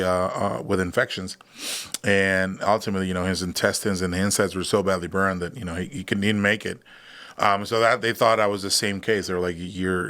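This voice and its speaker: A man's voice: low-pitched, fairly bright tone, smooth. A man in his thirties, a veteran guest on a podcast, telling his story candidly in a casual chat with many fillers and acted-out dialogue. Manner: candid, lots of fillers, acts out quoted dialogue.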